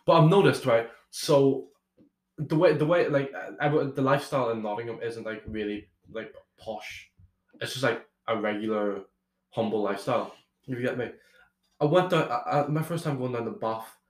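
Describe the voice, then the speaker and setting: Young man from Ireland, podcast guest, rambling casual storyteller, mid pitch, roomy echo. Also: fairly even intonation, moderate pace. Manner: rambling, with many restarts and swearing.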